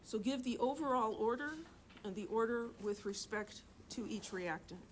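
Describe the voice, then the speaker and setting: A woman's voice: fairly high pitch, moderate pace, slight background noise. Chatty woman teacher lecturing a class. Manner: chatty, joking, asks the class questions. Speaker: chemistry teacher.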